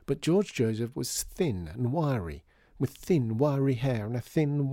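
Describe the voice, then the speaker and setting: A man narrating a story in an expressive, wry way. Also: mid-range voice, dry recording, clean studio sound.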